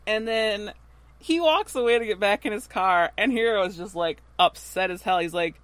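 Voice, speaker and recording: A woman with a bright, forceful voice recaps a TV episode on a podcast. She talks casually and acts out each character's lines in little voices, breaking into laughs along the way. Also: medium pitch, normal speed, no echo. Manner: animated retelling with acted-out quotes and frequent laughs. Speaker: podcast co-host.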